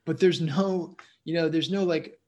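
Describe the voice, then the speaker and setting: A man's voice: on the high side, steady tone, a little slow, a little mellow. A man who works as a comedian, chatting loosely as a podcast guest, leaning on fillers and playful asides. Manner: loose, rambling, leans on "you know" and "like"; playful and joking. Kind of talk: casual interview chat.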